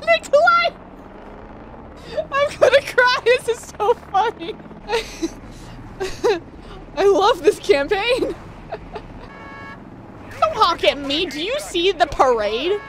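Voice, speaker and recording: A young woman streaming a shooter game, chatting casually, laughing and talking back to the game with sudden excited yelps. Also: very high-pitched, slow, long pauses, a little hiss or hum. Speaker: streamer playing a shooter campaign. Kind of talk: casual let's-play commentary.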